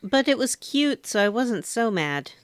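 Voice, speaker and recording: Female co-host, playful and mock-offended, expressive, dry mic. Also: on the high side, unhurried, smooth, no echo. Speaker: podcast co-host. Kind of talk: casual gaming podcast chat.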